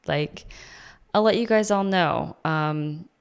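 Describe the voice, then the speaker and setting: A woman's voice: fairly low pitch, slow pace, clear, resonant tone. A young mother in a groggy morning voice, chatting casually about planning as a vlogger. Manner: rambling, chatty, with fillers. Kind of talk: casual chat.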